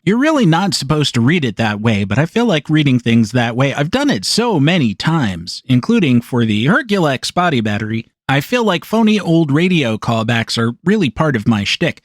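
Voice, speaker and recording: Dry-witted American podcast host, slightly high voice. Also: male voice, big pitch swings, normal speed, few pauses, no echo. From United States. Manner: dry, sarcastic asides. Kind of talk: solo podcast monologue.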